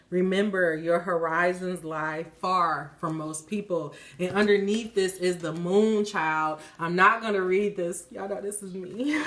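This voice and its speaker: A woman's voice: fairly low pitch, animated, moderate pace, a bit bright. A woman hosting her own channel, giving a casual card reading to her viewers. She reads the cards aloud, breaks off to laugh and swear, and gets emotional. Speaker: tarot reader and channel host.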